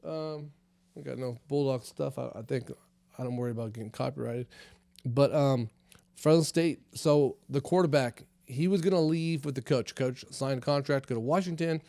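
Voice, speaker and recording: Brief: casual, profane male podcast host, mid-pitched, loose and rambling, dry close recording. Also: normal speed, creaky, dark tone, dry recording. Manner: rambling and profane, many fillers. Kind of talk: casual comedy podcast monologue.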